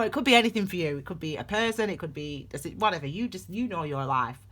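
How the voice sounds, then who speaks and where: A woman's voice: fairly low pitch, animated, fast talker, a bit bright. A middle-aged woman giving a casual tarot reading, rambling and digressing with many restarts. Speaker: tarot reader.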